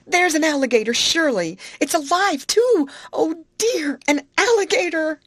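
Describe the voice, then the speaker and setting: A woman voicing an easily frightened, excitable young girl who cries out shrilly. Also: moderate pace, no room sound, studio quality. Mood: panicked. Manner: shrill, high-pitched cries.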